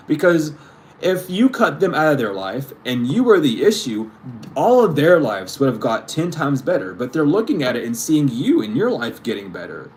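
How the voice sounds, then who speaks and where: A man's voice: on the high side, very animated, moderate pace. A man giving a spiritual reading to his viewers, ranting emphatically and swearing freely. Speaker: tarot reader.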